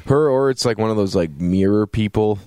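A low-pitched man talks loosely and profanely as a podcast co-host, retelling scenes in quick put-on voices. His voice is dry, with almost no room sound. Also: warm tone, no room sound. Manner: swearing, acts out scenes in quoted voices. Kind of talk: casual review chat.

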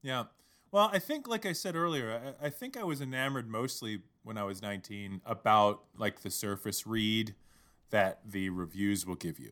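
A man in his thirties co-hosting a podcast, talking through a book in a relaxed, thinking-aloud way. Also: on the low side, moderate pace. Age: 30s. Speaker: podcast co-host. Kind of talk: casual book discussion.

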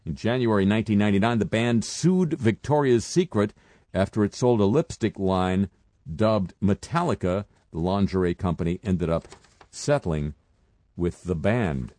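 An older man hosting a radio show, delivering dry, sardonic news commentary with halting fillers. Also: fairly low pitch, lively intonation, dark tone, no room sound. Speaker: radio host.

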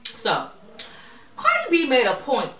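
A woman co-hosting a podcast in casual chat, talking in an animated, slangy way and laughing often. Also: sits high, takes it slowly, roomy sound, far from the mic, a little hiss or hum. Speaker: podcast co-host.

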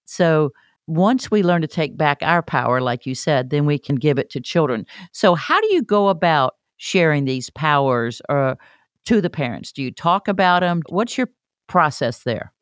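A podcast host leads a relaxed conversation, often pausing to reflect on the guest's points and sum them up. The voice sits at a middle pitch and sounds dry and close to the mic. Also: no room sound.

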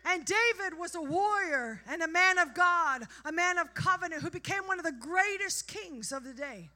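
A woman preacher delivering a sermon, moving from quiet storytelling to passionate, shouted exhortation. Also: very high voice, expressive, normal speed.

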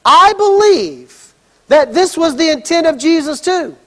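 A pastor delivering a sermon, acting out the story with lively asides and shouts. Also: male voice, very high voice, unhurried, in a large hall. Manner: animated storytelling, acts out scenes and shouts.

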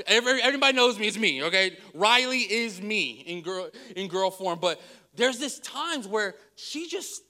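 A male pastor preaching a sermon, candid and self-deprecating, who tells stories with animated swings in his voice and laughs at himself. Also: high-pitched, normal speed. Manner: storytelling with animated vocal swings.

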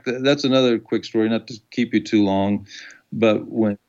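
A man's voice: fairly low pitch, fairly even intonation, moderate pace, darkish tone, muffled recording. A man, a documentary filmmaker, telling rambling anecdotes in an interview and acting out the quotes. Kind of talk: casual storytelling in an interview.

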